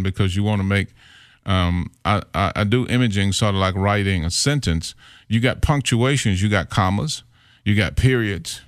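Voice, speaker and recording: A middle-aged man with a low, deep voice, recorded close and dry. He tells stories from his radio career in a relaxed, conversational way and slips into the voices of people he quotes. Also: smooth, no echo. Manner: animated storyteller who acts out quoted voices. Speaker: radio imaging voiceover artist. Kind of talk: casual interview storytelling.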